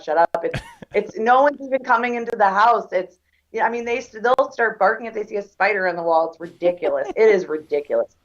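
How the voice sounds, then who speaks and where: A woman guest on a casual podcast, talking in a chatty, blunt way and laughing easily. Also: mid-range voice. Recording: dull lo-fi remote line.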